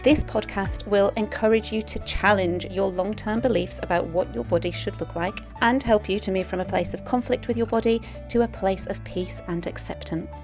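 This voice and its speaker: A woman's voice: mid-range voice, moderate pace, hardly any pauses, music in the background. A woman hosting a podcast, moving from a scripted welcome into casual, encouraging chat with her guest. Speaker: podcast host.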